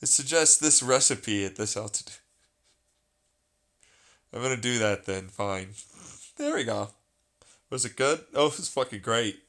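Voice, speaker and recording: A man's voice: mid-range voice, expressive, a little slow, long pauses, fairly bright tone. A man in casual, rambling chat, sarcastic and full of swearing.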